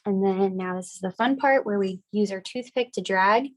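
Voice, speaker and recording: A young woman getting over a cold, teaching a relaxed, chatty, upbeat step-by-step decorating class. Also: mid-range voice, moderate pace. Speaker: craft class instructor. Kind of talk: casual step-by-step demonstration.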